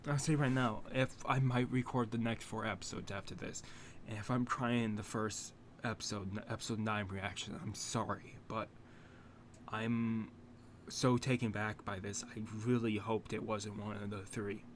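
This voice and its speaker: A young man talking to camera after watching an anime episode, halting and close to tears, swearing and restarting his sentences. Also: on the low side, flat delivery, a little hiss or hum. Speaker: anime reaction channel host. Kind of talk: emotional reaction talk to camera.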